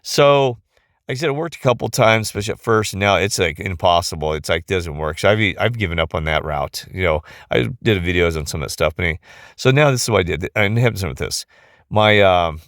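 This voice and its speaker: A man's voice: low voice, fairly bright tone, dry recording, clean studio sound. A tired middle-aged man talking in a rambling casual monologue, often losing his thread and restarting, recorded on a phone. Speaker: vlogger.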